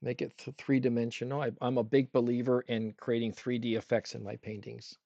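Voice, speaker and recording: A man's voice: medium pitch, little pitch movement, fairly quick, gravelly, mellow, no echo, dull audio. A man teaching a livestream painting demo, chatting with his viewers and asking them questions as he paints. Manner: talks with a brush in his mouth at times. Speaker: art instructor.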